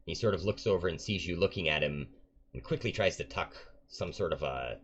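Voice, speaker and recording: A man narrating a tabletop game as game master, in a relaxed way with many ums and uhs. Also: sits low, brisk, slight background noise. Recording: dull lo-fi recording.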